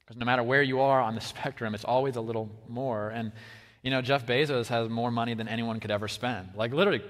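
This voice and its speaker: A man preaching a sermon in a casual, chatty way with many fillers, his voice swinging between soft stretches and lively bursts. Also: mid-range voice, fast talker. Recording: long reverb of a large hall.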